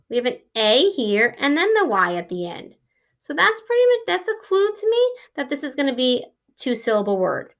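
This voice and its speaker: A woman teaching a first grade phonics lesson, slowly and clearly sounding out words for young children. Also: sits high, fairly bright tone.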